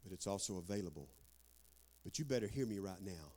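A man preaching a sermon, telling stories with dramatic swings from hushed to loud. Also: low-pitched, expressive, brisk. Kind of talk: sermon with storytelling.

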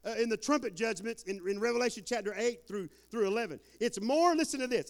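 A man preaching a lively sermon as pastor, folksy and whooping, with shouted outbursts. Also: very high-pitched, fast, few pauses.

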